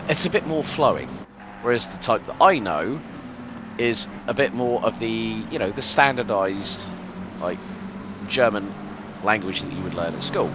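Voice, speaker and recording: A man's voice: lowish voice, lively intonation, normal speed, background noise. A man from the UK commentating a live sim race, chatty and rambling with lots of fillers. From United Kingdom.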